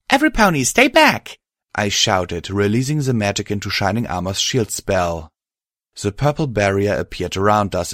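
Low-voiced man narrating a story. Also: no room sound, studio quality. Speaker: audiobook narrator. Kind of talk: scripted narration.

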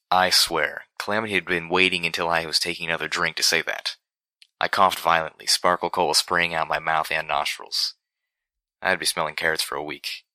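A man narrating a first-person story with a steady, measured reading. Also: low-pitched, no room sound. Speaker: audiobook narrator.

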